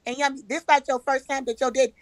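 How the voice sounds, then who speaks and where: High-voiced woman telling a heated story. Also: level tone, fast, no echo, rough recording. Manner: emphatic, acts out quoted arguments; profane, repetitive. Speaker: live-stream guest.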